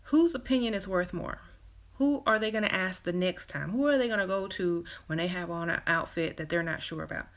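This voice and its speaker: Fairly low in pitch and fairly quick, a woman hosts a relationship advice channel's live stream. Her chatty, casual delivery is full of "you know" fillers and short laughs, and she voices quoted lines in other characters' voices.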